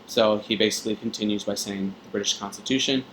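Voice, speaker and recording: A man with a fairly low voice talks a student through a reading passage like a tutor. He keeps it conversational, with plenty of fillers and tag questions. A faint hum of room noise sits behind him. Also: fairly even intonation, fast, a bit bright, low-quality recording. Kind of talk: test-prep reading explanation.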